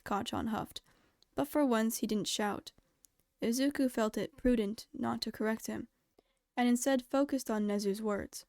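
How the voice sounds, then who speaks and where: A woman reads fan fiction aloud in a steady, clear storytelling voice. Her pitch sits a bit high, and the recording is close and dry with no room sound. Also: a little slow, dry recording. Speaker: podfic reader. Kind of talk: audiobook reading of fan fiction.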